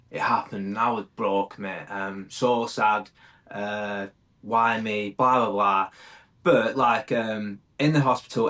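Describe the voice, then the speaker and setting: A UK firefighter in his thirties, appearing as a podcast guest, talks candidly and reflectively in casual conversation, calling the host "mate." His voice is mid-range with a fairly bright tone.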